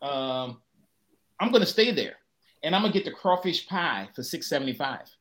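Teasing man with a lively voice. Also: fairly high pitch, moderate pace. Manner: teasing, jokey. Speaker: podcast co-host. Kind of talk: casual chat.

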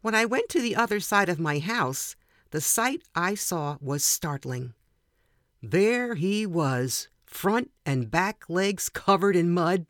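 Older woman, author, reads a personal anecdote in a measured, gentle manner with a dry close mic. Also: fairly low pitch, no echo. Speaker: author reading her own story. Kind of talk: personal story reading.

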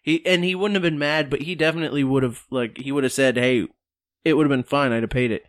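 A man's voice: mid-range voice, steady tone, fast talker, no echo, studio quality. A man co-hosting a podcast, telling a rambling story in casual chat and acting out the quotes. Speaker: podcast co-host.

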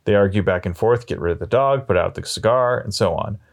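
A man telling long shaggy-dog jokes in a deadpan way, slowing down and pausing as he builds them up. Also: on the low side, vocal fry. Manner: deadpan, drawn-out storytelling with slow pauses. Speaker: storyteller.

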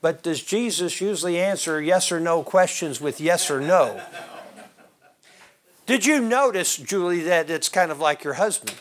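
A man's voice: a little high, lively intonation, a little slow, background noise. A man teaching a Bible class, quizzing his listeners and calling on them by name. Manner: questions the class and calls on members by name.

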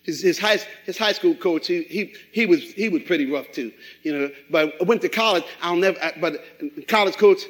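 A middle-aged man preaching a sermon, animated and acting out quoted voices. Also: sits high, fairly quick, hardly any pauses, poor audio. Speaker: pastor.

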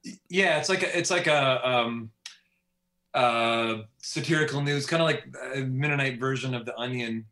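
Here the Steinbach, Manitoba author's medium-pitched voice is bright and forceful, moving at a moderate pace. As a podcast guest in a casual interview he stays relaxed and laughs lightly, and the room is echoey.

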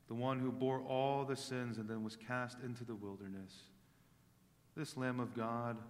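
A male pastor preaching a sermon during worship, rising to loud proclamation on scripture and sinking to soft, low tones in reflection. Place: church sanctuary. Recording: long reverb of a large hall.

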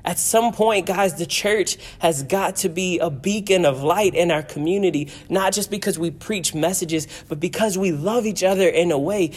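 A man's voice: high voice, normal speed, few pauses, slightly rough. A man preaching a sermon as pastor, earnest and repetitive, his delivery swelling and dropping for emphasis.

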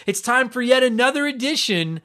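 A man's voice: very high-pitched, brisk. A young man hosting a retro gaming podcast, chatting casually with jokes and plenty of swearing. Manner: energetic, swearing, joking asides. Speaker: podcast host. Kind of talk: casual profane podcast chat.

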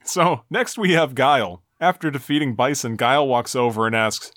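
A man's voice: moderate pace, few pauses, no room sound, studio quality. A man co-hosting a casual chat, recounting video game ending scenes and acting out the quoted lines. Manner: animated storyteller, acts out quoted lines in shifting pitch. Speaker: podcast co-host.

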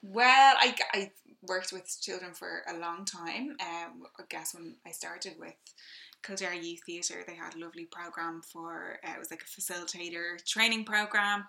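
Guest, woman, drama teacher; very bright, slightly low voice, eager and animated. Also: moderate pace, gravelly. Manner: animated, enthusiastic, frequent fillers and laughs. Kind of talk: casual interview chat.

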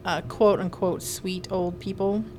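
A woman's voice: mid-range voice, little pitch movement, unhurried, a little mellow, soft background music. A woman who is a nurse and podcast co-host, chatting casually in a sarcastic, swearing way. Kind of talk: casual chat.

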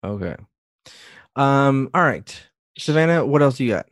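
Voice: medium pitch, expressive, a little slow, dry recording, clean studio sound. A podcast co-host in a casual chat, speaking hesitantly and stopping often to restart. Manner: hesitant, full of fillers and restarts.

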